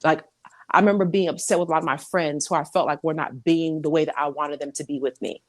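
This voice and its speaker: A woman's voice: low voice, fast talker, no room sound. A woman guest in a casual podcast chat, talking animatedly, laughing often and acting out what people said. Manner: animated, laughing, acts out quoted speech.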